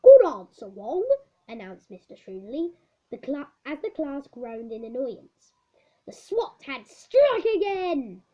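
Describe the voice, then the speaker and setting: A woman's voice: sits high, very animated, takes it slowly. A woman reading a children's book aloud, stumbling over words and correcting herself. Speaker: storybook reader. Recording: dull lo-fi recording.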